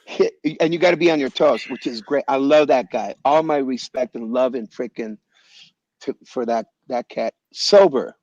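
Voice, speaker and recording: A man being interviewed as a guest musician over a video call, telling animated stories in a loose, slangy way and calling people "man" and "bro". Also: mid-range voice, moderate pace, no echo, dull audio. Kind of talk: casual storytelling interview. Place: home in Los Angeles area.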